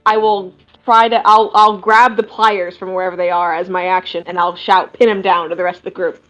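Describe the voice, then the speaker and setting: A woman's voice: fairly low pitch, flat delivery, fairly quick, fairly bright tone, low-quality recording. A woman playing a tabletop game who talks hesitantly and often restarts her sentences. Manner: hesitant, restarts mid-thought. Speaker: player.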